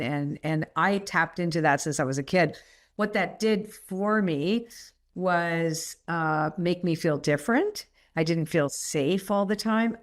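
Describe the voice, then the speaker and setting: A middle-aged woman, a podcast guest, telling personal stories in a rambling, animated way and laughing often. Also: on the low side. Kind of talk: candid storytelling interview.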